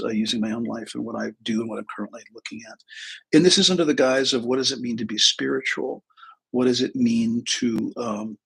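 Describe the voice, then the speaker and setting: A man's voice: medium pitch, gravelly, fairly bright tone, slightly rough, low-quality recording. A middle-aged man, a therapist and spiritual teacher, talking casually on a livestream in a rambling, self-deprecating way, full of fillers and restarts.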